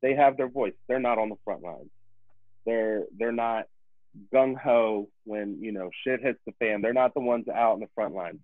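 A man's voice: lowish voice, normal speed, no room sound. A man who is a personal trainer, a podcast guest talking emphatically in casual conversation and acting out examples in other people's voices. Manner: emphatic, repetitive, acts out examples. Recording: tinny phone-like line, dry.

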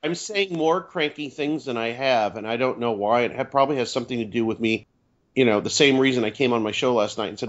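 A man's voice: medium pitch, lively intonation, normal speed. A man, an author and radio host appearing as a podcast guest, talking in a reflective, rambling way. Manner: reflective, rambling, self-questioning. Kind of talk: casual chat. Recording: dull lo-fi audio.

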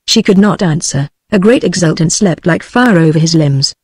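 A computer-generated woman's voice with a British English accent, reading a novel aloud at an even, synthetic pace. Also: fairly low pitch, moderate pace, breathy edge, no room sound. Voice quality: synthetic, evenly paced. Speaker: audiobook narrator. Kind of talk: text-to-speech audiobook reading.

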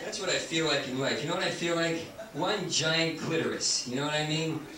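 A man doing a stand-up set on a comedy club stage, manic and profane, jumping between yelps and low mutters. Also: fairly quick, crowd noise. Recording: echoey club taped from far off, noisy.

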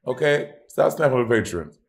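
A man's voice: medium pitch, very animated, fairly quick, vocal fry. Exasperated man complaining dramatically. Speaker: podcast co-host. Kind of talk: casual chat.

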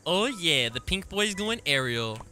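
A man jokes his way through a video game in a dry, deadpan way. His voice moves freely up and down, with a bright, crisp edge. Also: a little high, a little slow. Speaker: gaming YouTuber. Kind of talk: joking game commentary.

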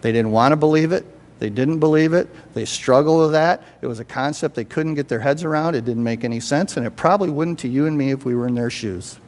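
A man's voice: mid-range voice, fairly quick, a little mellow. An older man preaching a sermon in a church, talking conversationally and checking in with the congregation again and again. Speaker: pastor. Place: church sanctuary. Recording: church hall reverb.

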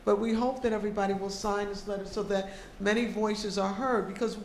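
A woman's voice: mid-range voice, fairly even intonation, brisk, darkish tone. A woman organizer talking to an audience at a public program, practical and often checking in with "okay?". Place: large echoey room with an audience. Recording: roomy echo, faint room noise.

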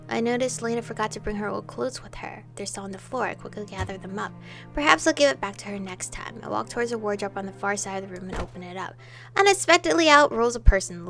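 An expressive, excitable woman reading a romance game aloud. Her voice is bright and forceful with a gravelly fry, and faint music plays behind her. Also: mid-range voice. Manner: expressive, excitable, swears in reactions. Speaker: streamer reading a visual novel.

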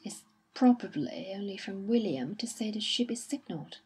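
A woman reading the part of a kindly, fussy elderly retired army colonel in an audiobook, with a breathy voice. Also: mid-range voice, expressive, moderate pace, darkish tone. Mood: reassuring.

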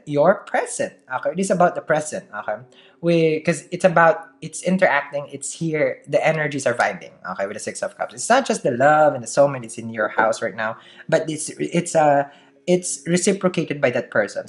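Tarot reader, solo to camera. Chatty, laughs a lot, slight accent, mid-pitched voice. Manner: chatty, laughs often, keeps asking "okay?". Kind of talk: casual daily tarot reading to camera.

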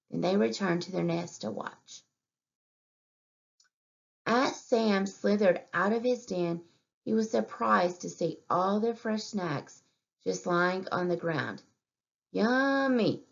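A preschool teacher reads a storybook aloud, her voice gravelly with fry. She pauses to ask questions and point at the pictures, and the recording sounds muffled and lo-fi. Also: mid-range voice. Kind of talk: storytime reading aloud to young children. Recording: dull lo-fi recording.

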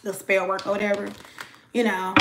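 A woman's voice: mid-range voice, level tone, moderate pace, heavy background noise. A young woman giving a casual tarot reading to her viewers, chatty and slangy, talking straight to the audience. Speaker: tarot reader.

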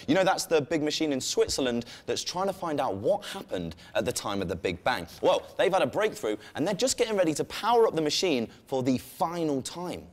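Young man, co-host, playful, cheeky asides, scripted science news, lively pitch. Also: a little fast, hardly any pauses. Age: young adult. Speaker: co-host of a student science show.

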